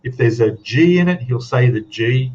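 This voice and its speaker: Australian male stream host, mid-pitched, casual and rambling, dull lo-fi audio. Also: lively intonation, moderate pace, a little mellow. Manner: rambling, chatty, tags questions with "eh?". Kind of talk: casual chat to a live audience.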